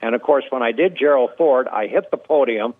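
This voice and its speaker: A man's voice: medium pitch, a little fast. Older man telling stories over a tinny line. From Canada. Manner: anecdotal, relaxed storyteller with many fillers. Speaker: guest impressionist. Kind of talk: storytelling interview. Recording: dry tinny phone-like line.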